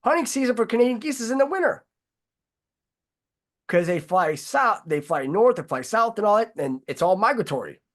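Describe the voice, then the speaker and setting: A man's voice: high voice, animated, normal speed. A man hosting a casual talk show, talking in long, heated, rambling runs and swearing freely. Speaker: host.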